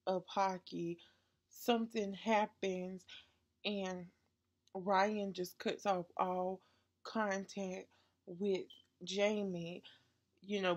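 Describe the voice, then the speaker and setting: Woman vlogger with a stuffy nose, unhurried and chatty, gushing book reviewer. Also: on the low side, a little mellow, muffled recording. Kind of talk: casual book review vlog.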